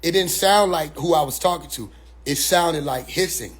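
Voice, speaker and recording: Male commentator with a high voice, loose and blunt, keeps looping back to check you follow. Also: moderate pace. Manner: rambling, repeats "you see what I'm saying"; blunt, profane street talk. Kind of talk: casual monologue commentary.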